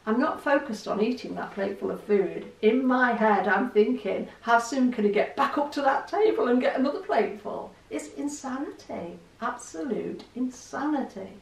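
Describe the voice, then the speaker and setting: Middle-aged woman, candid vlog chat, gravelly voice, echoey room slightly off-mic. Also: on the high side, expressive, normal speed, hardly any pauses, distant mic. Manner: chatty, candid, self-deprecating. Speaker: vlogger. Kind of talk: casual chat to camera.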